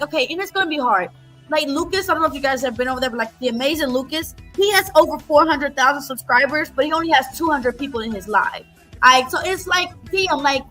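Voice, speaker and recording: High, bright-voiced woman ranting on stream. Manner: profane, blunt, repetitive. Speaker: livestream host. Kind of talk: heated livestream rant.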